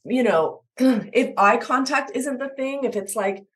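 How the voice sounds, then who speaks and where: A woman guest expert explaining attachment in an interview, animated and acting out little examples. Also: on the high side, a little slow. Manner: animated, acts out examples in voices.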